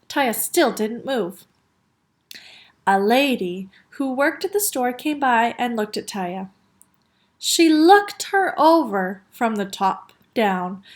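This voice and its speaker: Woman, teacher, storybook read-aloud, lively swooping pitch, slow, chatty asides. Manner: animated, expressive, asides to the class.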